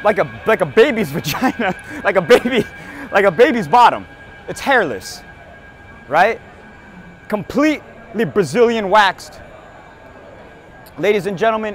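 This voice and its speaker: A man's voice: high-pitched, a bit bright. Brash hungover man joking on a street. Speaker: podcast host. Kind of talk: crude casual comedy chat. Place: city street at night. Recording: outdoor street with faint traffic.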